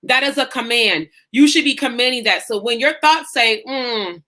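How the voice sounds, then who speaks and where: Her voice is a little high, bright and forceful, at a moderate pace. She's a faith-based life coach teaching her group with preacherly passion and emphasis, and she acts out self-talk in quotes.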